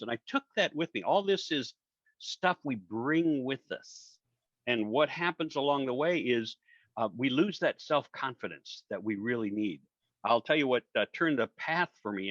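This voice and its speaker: A man's voice: mid-range voice, a bit bright, no echo. Older male guest, conversational storyteller, muffled dry sound. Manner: conversational, acts out quoted dialogue, many fillers. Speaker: guest speaker. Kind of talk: storytelling interview answers. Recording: dull dry audio.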